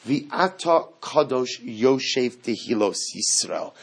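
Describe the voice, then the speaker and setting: A man delivering an impassioned sermon as a rabbi, building from quiet reflection to fervent, near-shouted pleading. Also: mid-range voice, animated, normal speed, creaky, slightly rough.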